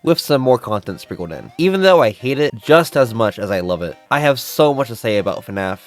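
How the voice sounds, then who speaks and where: A man's voice: mid-range voice, very animated, fairly quick, faint music behind. A man hosting his channel, talking casually and enthusiastically to the camera, his voice nasal from a cold. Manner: chatty and enthusiastic, mildly apologetic. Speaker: channel host.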